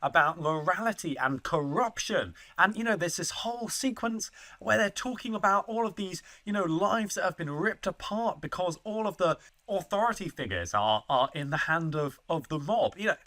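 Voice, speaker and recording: A man's voice: high-pitched, lively intonation, moderate pace, pushed and bright. A man co-hosting a film podcast, giving a thoughtful, hedged opinion with stammered restarts. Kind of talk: casual film discussion.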